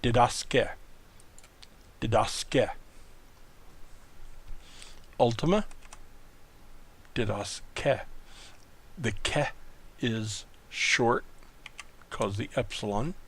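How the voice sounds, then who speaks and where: A man teaching an online lesson, working through exercises step by step and thinking aloud in a slow, methodical way. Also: mid-range voice. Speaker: Greek tutor.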